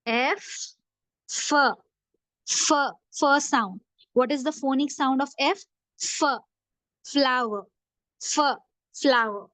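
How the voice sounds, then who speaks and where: A woman's voice: sits high, slow pace, long pauses, fairly bright tone, dry recording. A woman teaching a phonics lesson, patiently repeating letter sounds for young learners. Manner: patient, drills sounds over and over. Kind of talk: phonics lesson, slow repetition.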